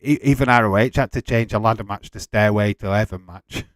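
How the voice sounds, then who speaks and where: A man's voice: on the low side, brisk, no echo. A man hosting a casual live watch-along, chatting loosely and laughing often. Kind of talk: casual live-stream chat.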